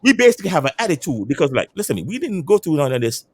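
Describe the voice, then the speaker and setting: A man in his fifties talks in a voice pitched a little high, and his pitch swings widely as he speaks. He tells stories in casual barbershop chat, swearing freely and stumbling over repeated words. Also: racing, slight background noise. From Caribbean island. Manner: animated, repeats and restarts words, streetwise swearing. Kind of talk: casual storytelling.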